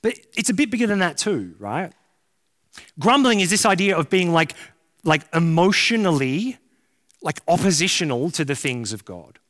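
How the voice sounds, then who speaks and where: A man's voice: on the high side, very animated, normal speed, fairly bright tone. A man preaching a sermon as a pastor, casual and joking, full of slang. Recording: long hall reverb.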